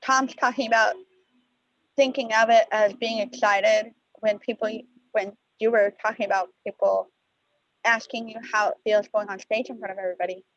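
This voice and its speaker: A woman's voice: mid-range voice, fairly even intonation, normal speed, fairly bright tone, no room sound. A woman in a training class who thinks aloud as she shares her view, often repeating herself and restarting. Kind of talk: class discussion. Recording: dry, dull lo-fi call audio.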